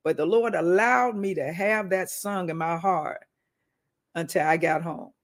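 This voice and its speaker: A female minister with a fairly low voice speaks a bit slowly as she teaches a weekly wisdom segment. She preaches conversationally, telling personal anecdotes and calling out to those listening.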